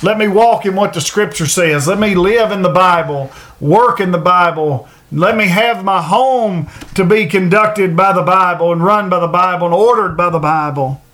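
A male preacher giving a sermon, earnest, repeating phrases for emphasis and slowing down to read verses aloud. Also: sits high, a bit bright. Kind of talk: sermon on a Bible passage.

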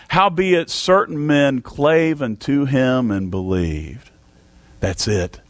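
Male preacher, fervent sermon delivery, mid pitch, dry recording. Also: dry recording. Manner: fervent preaching with big swings in pitch and loudness. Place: church service.

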